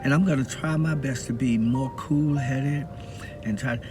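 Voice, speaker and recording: A man's voice: medium pitch, steady tone, a little slow, over music. A man from the Southern US talking to camera in a casual, preaching monologue and laughing often between points. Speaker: video blogger.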